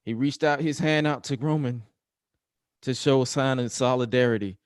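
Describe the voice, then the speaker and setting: A man giving an animated casual recap of a match, acting out the scenes he describes. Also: mid-range voice, normal speed, no echo, clean studio sound. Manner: acts out scenes with exaggerated quoted voices. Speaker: wrestling show co-host.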